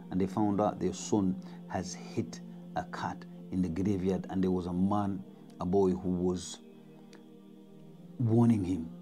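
Dark-voiced man telling a dramatic story. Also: lowish voice. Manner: dramatic, repetitive, drops to whispers. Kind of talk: spoken storytelling.

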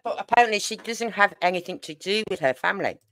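An older woman with a Brummie accent talks on her livestream in a loose, wandering way, drifting from one aside to the next and getting openly exasperated. Her voice sits at an ordinary middle pitch, and the sound is dry and close, with no room around it. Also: quick pace, fairly bright tone, dry recording. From Birmingham, England. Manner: chatty and rambling, with exasperated asides. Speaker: true crime livestream host. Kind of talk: casual chat.

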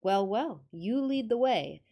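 An earnest young traveler, lost in the snow, speaks eagerly and politely as he asks for a guide , read by a woman narrating a ghost story. His voice is a touch higher than the narrator's own. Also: lively intonation, slow pace, mellow. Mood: eager pleading.

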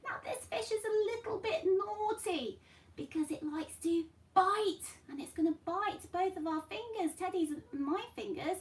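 A woman's voice: extremely high pitch, unhurried. A woman teaching a class for toddlers, coaxing and playful in a sing-song way. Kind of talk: children's class. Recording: roomy sound, mic at a distance, faint noise.

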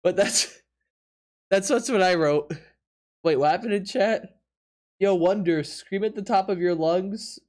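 A man's voice: high-pitched, a little slow, pauses often, darkish tone. A man streaming live from his apartment, chatting casually with viewers, laughing often and reacting in disbelief while teasing his chat.

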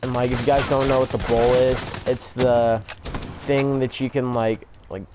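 Over the sound of gameplay gunfire, a young man rambles through a casual story time, swearing often and filling gaps with "like." He speaks at a moderate pace with a medium-pitched voice that barely moves in pitch.

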